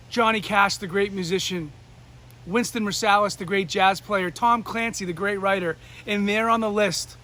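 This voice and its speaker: Male motivational speaker, bright tense tone, animated storyteller. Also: high voice. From New Hampshire. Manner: animated, acts out the voices of people in his story. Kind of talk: storytelling speech.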